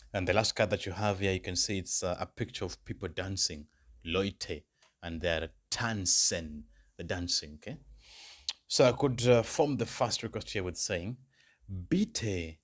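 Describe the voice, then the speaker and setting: A man tutoring for a beginner German exam, explaining in English and slowly repeating German phrases for learners. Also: low voice. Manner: patient explainer, checks understanding with "right?" and "okay?". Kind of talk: exam-prep lesson.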